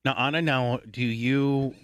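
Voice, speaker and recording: A man's voice: medium pitch, fairly even intonation, measured pace, fairly bright tone, smooth, no echo, clean studio sound. A middle-aged man hosting a radio talk show, blunt and profane in crude banter.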